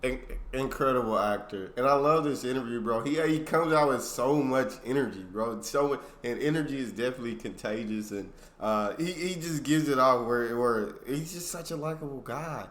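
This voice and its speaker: Bright-voiced guy reacting enthusiastically. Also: medium pitch, a little fast, few pauses. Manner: enthusiastic, says "bro". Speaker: reaction video host. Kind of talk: casual reaction commentary.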